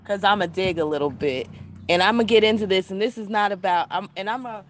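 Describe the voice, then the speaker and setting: A woman's voice: medium pitch, fairly quick, a little hiss or hum. A woman speaking emphatically in a casual discussion. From United States. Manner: emphatic, expressive.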